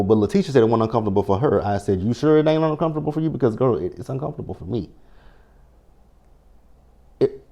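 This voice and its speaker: A man's voice: fairly low pitch, warm tone. A man recapping a reality TV show in a sassy, blunt, profane way, quoting his own reactions as he goes. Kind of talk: casual recap commentary.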